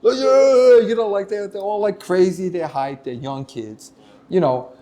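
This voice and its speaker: Animated New ex-cop telling stories. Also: male voice, high voice, normal speed. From United States. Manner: animated storytelling, many restarts, acts out quoted voices. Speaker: retired police lieutenant, guest. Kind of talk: casual interview talk.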